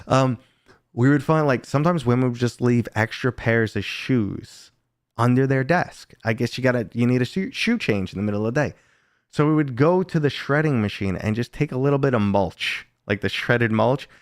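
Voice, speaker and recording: An American man in his thirties chats casually on a live stream, reading chat, loosely telling stories and swearing now and then. His voice is mid-range at a normal speed. The sound is clean studio quality with no room sound.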